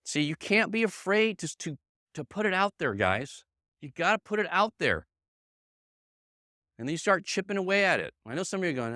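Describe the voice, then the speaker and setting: A man's voice: a little high, very animated, normal speed, long pauses, bright, forceful tone, dry recording, clean studio sound. A middle-aged man leading a motivational sales training for a room of colleagues, emphatic and repetitive, checking in with "okay?" and "right?" and calling on people by name. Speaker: sales team leader giving a training. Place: meeting room with a live audience.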